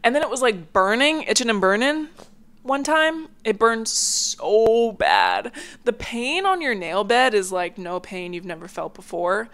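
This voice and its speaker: A woman's voice: on the high side, expressive, moderate pace, a bit bright. A young woman hosting a casual solo podcast, chatty and rambling with lots of filler words, a little congested. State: a bit congested. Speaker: podcast host. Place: home, near a hallway.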